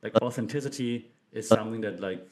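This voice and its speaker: A man's voice: fairly low pitch, brisk, a little mellow. A young man hosting a casual commentary show, talking with enthusiasm and acting out quotes in a livelier voice. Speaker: podcast host.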